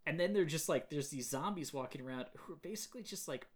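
A man hosting a podcast, casually retelling movie scenes in an animated way and quoting lines. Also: on the high side, fast. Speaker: podcast host. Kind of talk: casual chat.

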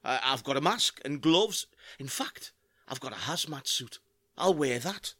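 Guy doing a wheedling pub regular, bouncy and high, dry mic. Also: lively intonation, measured pace, pushed and bright, dry recording. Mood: scheming. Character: scheming beer-loving British bloke, excitable. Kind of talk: comedy audio play acting.

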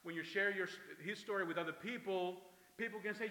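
A man preaching a sermon at a men's camp, lively and acting out little scenes of dialogue. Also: sits high, fairly quick. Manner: animated, acts out dialogue. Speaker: pastor. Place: large hall at a men's camp. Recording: echoey hall, long reverb.

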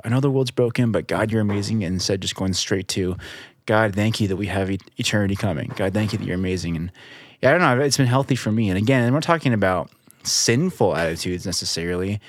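A man who serves as a church elder, speaking in a casual, reflective discussion and chatting easily. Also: fairly low pitch. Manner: reflective, chatty, acts out dialogue.

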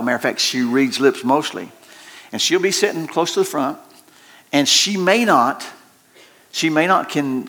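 A man preaching a sermon, telling stories in a folksy way, laughing and swinging his voice up and down. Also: a bit bright. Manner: folksy storytelling with laughs and shifting pitch. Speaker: pastor.

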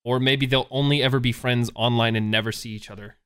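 Man in his twenties, podcast host, casual banter, laughs often, quick jokes, mid-pitched voice. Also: steady tone, a bit bright, smooth. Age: 20s.

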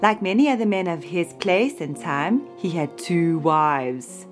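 A woman telling a Bible story to a child in a gentle, expressive manner. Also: on the low side, unhurried, soft background music.

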